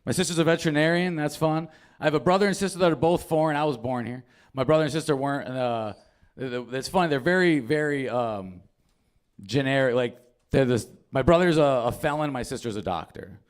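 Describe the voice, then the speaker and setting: A young man telling stand-up stories in a loose, profane, offhand way. He sits at an ordinary middle pitch, chatting as if to friends. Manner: casual, profane, storytelling. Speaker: stand-up comedian. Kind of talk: stand-up comedy set.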